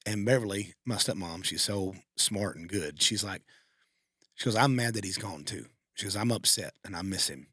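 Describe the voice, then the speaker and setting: A man's voice: low voice, moderate pace, sharp tone, husky, dry recording, studio quality. A man co-hosting a podcast, telling a heartfelt personal story in a rambling, emotional way with many restarts. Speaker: podcast co-host. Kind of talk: casual storytelling.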